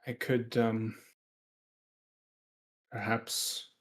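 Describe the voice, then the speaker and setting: A man voicing an older woman shopkeeper in a tabletop game who speaks haltingly and fearfully and turns to shrill screaming. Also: level tone, full character voice. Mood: hesitant, fearful.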